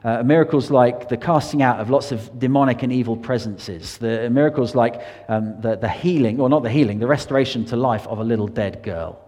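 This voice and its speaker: A man's voice: mid-range voice, brisk, few pauses, a little mellow, big-room sound. A man preaching an earnest sermon in a church, his voice rising and falling for emphasis.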